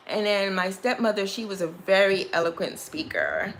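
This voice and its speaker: A woman's voice: medium pitch, animated, moderate pace, hardly any pauses, fairly bright tone, slight background noise. A woman with a Brooklyn accent, chatting casually on a beauty livestream, rambling and restarting her phrases. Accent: Brooklyn, New York. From Brooklyn, New York.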